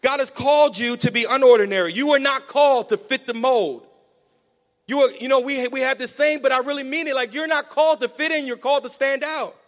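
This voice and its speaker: A man preaching a sermon with energetic call-and-response, urging the congregation to answer back. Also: extremely high pitch, fairly quick. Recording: long hall reverb.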